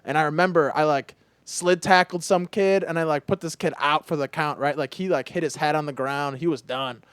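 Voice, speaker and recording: A young adult man hosting a podcast, telling stories in a casual, animated way with lots of "like". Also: fairly high pitch, fairly quick, smooth, no echo. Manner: animated storyteller, heavy use of "like". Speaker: podcast host. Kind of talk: casual chat.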